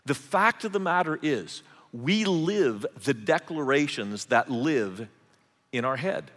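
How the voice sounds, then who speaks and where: A man preaching a sermon as pastor, animated and repeating words as he goes. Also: medium pitch, slow, in a large hall.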